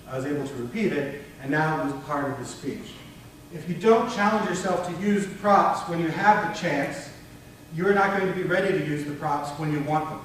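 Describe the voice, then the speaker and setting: A man leading a conference workshop on public speaking, talking in a conversational, animated way to an audience. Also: on the high side, recorded from a distance, a little hiss or hum. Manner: conversational, animated, demonstrates tones with his voice. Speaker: workshop presenter. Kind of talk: conference breakout talk. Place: conference room before an audience. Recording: very echoey room recorded from afar.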